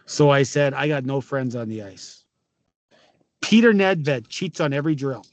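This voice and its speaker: A man's voice: medium pitch, animated, a little slow, dry recording. A man in his fifties with a Canadian accent, a former hockey player telling stories in a casual chat, often swearing, laughing and acting out what others said. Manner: swearing, laughing, acts out quotes. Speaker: podcast guest, former pro hockey player. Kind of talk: casual storytelling.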